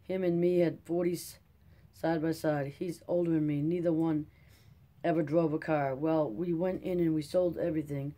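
A reader doing a weary Dust Bowl farmer who rambles on in a folksy drawl. The voice is mellow and dark, with ordinary pitch and a story told at an unhurried pace. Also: steady tone, lightly acted. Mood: rueful. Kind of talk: audiobook character reading.

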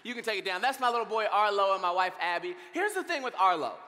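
A young male pastor tells stories and teases his congregation in an animated sermon. His voice sits very high and sounds bright and forceful. It rings with the long reverb of a big church hall. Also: quick pace, slight background noise. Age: young adult. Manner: animated storytelling, prays then jokes with congregation.

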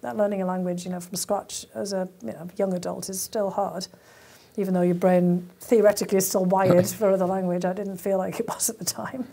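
A woman in her fifties from England, telling animated stories as an interview guest, laughing often and using many fillers. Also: medium pitch, fairly quick, vocal fry, slightly rough. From County Durham, northern England. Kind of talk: conversational interview storytelling.

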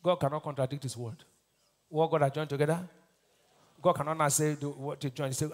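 A man with a Nigerian accent preaching a sermon as pastor, quizzing his congregation call-and-response style and swinging between loud declarations and hushed lines. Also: fairly high pitch, fairly even intonation, fairly quick.

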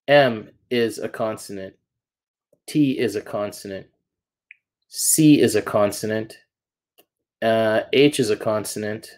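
A male math teacher talks through a lesson at a slow, unhurried pace. His voice sits in an ordinary middle pitch. He explains step by step and keeps checking that the class is following. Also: a little mellow. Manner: patient, step-by-step, checks in with "okay?" and "right?".

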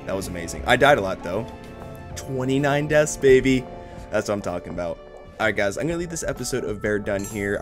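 A man giving excitable, profane gameplay commentary, shouting battle cries while he plays. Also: lowish voice. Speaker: gaming YouTuber. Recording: game music and gunfire behind. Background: game music and gunfire.

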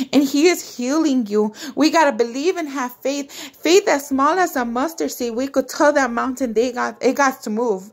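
A woman giving an impassioned, prayerful devotional talk to her online followers, repeating her phrases and tenderly calling them precious family. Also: fairly high pitch. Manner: fervent, repetitive, prayerful. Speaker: online faith vlogger.

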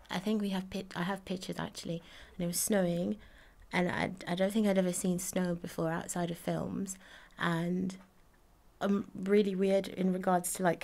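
Speaking in a fairly low, slightly mellow voice, a woman from Jamaica in her twenties chats about growing up. The interview is casual, and she laughs and uses plenty of fillers as she reminisces.

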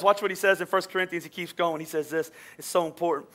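High, bright-voiced man preaching. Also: fast, hardly any pauses. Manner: energetic, swings from loud preaching to quiet asides; repeats words, stumbles and restarts. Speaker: pastor. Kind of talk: sermon.

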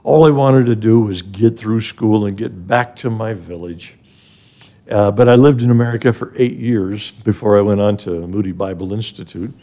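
An older man tells his story with a gravelly, low voice. His tone is mellow and dark. He speaks earnestly and gets emotional, lifting his voice when he is moved. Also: moderate pace. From grew up in an African village. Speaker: guest, charity president emeritus. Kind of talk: personal storytelling in a podcast interview.

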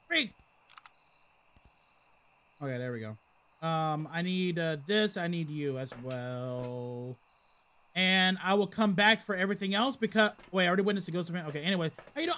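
Giving live gameplay commentary on a ghost-hunting game, this streamer is chatty and exasperated, mock-swearing at the game while chatting with viewers in the live chat. The mid-range voice is very animated, a little fast and a bit bright.

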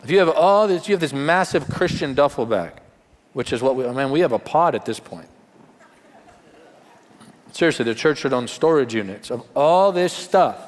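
A man, a pastor, preaching a live Sunday sermon in a conversational, emphatic way with wry humor. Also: on the high side. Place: large church auditorium. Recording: long hall reverb in live church.

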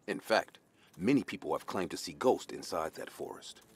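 A man reading a scripted horror story in the first person, in an even storytelling delivery. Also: low-pitched, normal speed, slight background noise. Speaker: narrator.

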